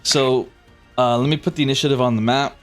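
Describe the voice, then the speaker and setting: A man narrating a tabletop game as game master in a relaxed, chatty manner. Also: mid-range voice, a little fast, faint music behind. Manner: relaxed, chatty, many fillers.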